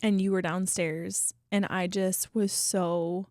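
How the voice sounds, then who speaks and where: A woman's voice: on the low side, flat delivery, slow, darkish tone, no room sound, clean studio sound. A young woman co-hosting a faith podcast, telling of a frightening birth in an earnest, emotional way, often trailing off. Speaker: podcast co-host. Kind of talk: casual testimony chat.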